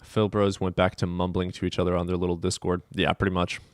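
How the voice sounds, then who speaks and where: A man's voice: low-pitched, monotone, quick pace, no echo, clean studio sound. A man hosting a live stream from his desk at home, chatting casually and telling rambling, profane stories.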